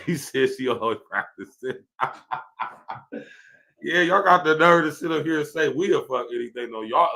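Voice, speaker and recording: Vocal fry colors this man's sharp, mid-range voice as he hosts a podcast rant on a livestream, cursing casually, laughing frequently, and voicing viewer comments.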